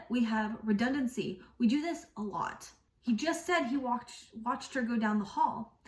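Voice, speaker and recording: A woman's voice: on the high side, darkish tone, reverberant, far from the mic. Woman reviewing a book, wry asides. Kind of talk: casual book review talk.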